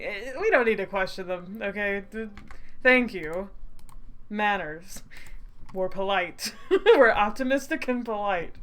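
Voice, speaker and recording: A woman's voice: medium pitch, lively intonation, a little slow, a bit bright. A woman streaming a story game, reading the narration aloud and breaking into giggly, self-mocking asides.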